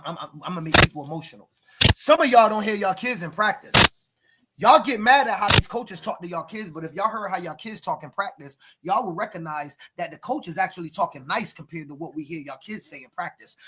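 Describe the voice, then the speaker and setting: A man who coaches youth football, telling stories and lecturing parents on a podcast, emphatic and preachy, now and then breaking into shouts. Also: high voice, slightly rough. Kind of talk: animated podcast storytelling.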